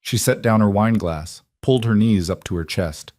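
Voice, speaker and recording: A man narrating a romance story, reading in a measured, soft storytelling manner. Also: on the low side, no room sound, clean studio sound. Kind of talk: audiobook-style story narration.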